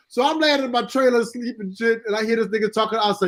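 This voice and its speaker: A man telling a profane, animated story with laughs, speaking on a video call. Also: very high voice, quick pace, few pauses. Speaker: cast member guest.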